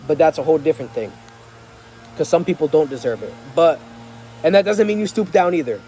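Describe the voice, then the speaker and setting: A man's voice: a little high, lively intonation, a little fast, dark tone, soft background music. A young man telling a story in a casual vlog, slangy and full of fillers, acting out dialogue in different tones, recorded outdoors. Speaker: vlogger. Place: outdoors, rain and a passing vehicle.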